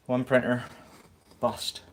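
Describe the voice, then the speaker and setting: Man, live streamer, casual chat, playful teasing banter, mid-pitched voice. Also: little pitch movement, takes it slowly, noisy background. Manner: teasing banter with viewers, chuckling often.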